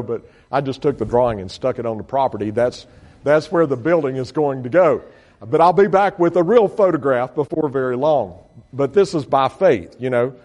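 A man speaking as a missionary, walking a congregation through a slide show at a middle pitch. His talk is folksy and earnest. He often stops, says "uh" and starts a sentence over. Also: darkish tone. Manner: folksy and earnest, many fillers and restarts. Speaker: missionary reporting to supporters.

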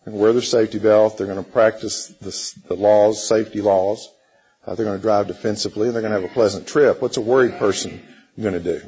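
A middle-aged man teaching a church Bible class, halting, with many fillers and frequent throat clearing. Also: lowish voice, fairly even intonation, darkish tone, poor audio.

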